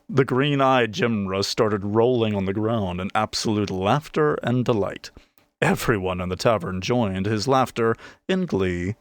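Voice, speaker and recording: A man narrating a fantasy audiobook with expressive storytelling. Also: lowish voice, no echo.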